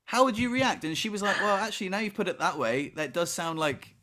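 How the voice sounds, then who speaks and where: Fast bright-voiced young man. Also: high voice. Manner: fast, bright, restarts often, acts out arguments. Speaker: podcast host. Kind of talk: casual chat.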